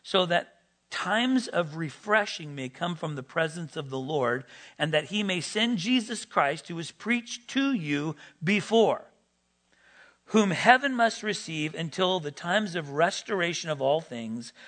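A man preaching a sermon, rising to loud, emphatic peaks and then dropping back to quiet teaching. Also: on the high side.

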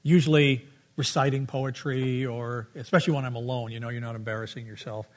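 A man's voice: medium pitch, steady tone, fairly quick. A middle-aged man preaching a sermon with a playful storytelling manner, humming tunes along the way. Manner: storytelling, playful, hums melodies.

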